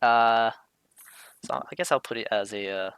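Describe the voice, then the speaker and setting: Male streamer, casual hesitant commentary, bright tone, dry close recording. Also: mid-range voice, moderate pace, smooth, no room sound. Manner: hesitant, many fillers and restarts, self-interrupting. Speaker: streamer explaining a drawing. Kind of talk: casual rambling commentary over a drawing.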